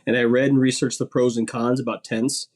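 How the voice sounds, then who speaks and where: A man's voice: medium pitch, level tone, a little fast. A man chatting casually as a podcast guest, rambling a little and repeating words as he starts his sentences.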